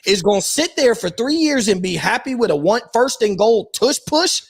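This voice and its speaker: An animated man with a high voice, co-hosting a podcast. He talks in a slangy way and keeps saying "bro". The sound is dry and close. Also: moderate pace, gravelly, husky, no room sound. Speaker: podcast co-host. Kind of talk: casual sports chat.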